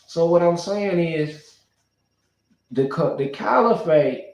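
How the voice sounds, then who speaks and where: A man's voice: on the high side, expressive, slow, a little mellow, roomy sound, highs cut off. A man talking alone to his channel in a loose, speculative monologue, thinking aloud and restarting his sentences often. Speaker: YouTuber. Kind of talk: rambling monologue.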